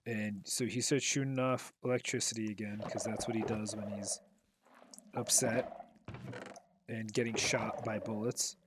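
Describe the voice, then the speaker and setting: A man's voice: on the low side, steady tone, unhurried, slight background noise. A man recapping a film in loose, rambling chat, full of fillers and the odd swear, while he plays a game. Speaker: gaming commentator. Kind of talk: casual commentary while playing.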